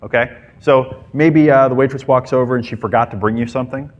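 A man's voice: mid-range voice, steady tone, a little fast, dull audio. A man giving a playful dating-advice talk to a live group, acting out little scenes as he goes. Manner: playful, mimics women and acts out scenes. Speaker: dating coach.

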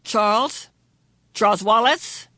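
A narrator voicing a gentle, tender middle-aged father who is a scientist, in an audiobook. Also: medium pitch, very animated, unhurried, dry recording, pitched above the performer's own voice, heavily acted. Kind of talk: audiobook character voice.

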